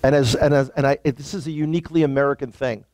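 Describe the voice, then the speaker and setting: A man's voice: mid-range voice, quick pace, dry recording. A man from the Bronx with a New York accent, a tour guide and guest talking casually and joking on a video call. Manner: animated, joking asides. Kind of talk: casual conversation.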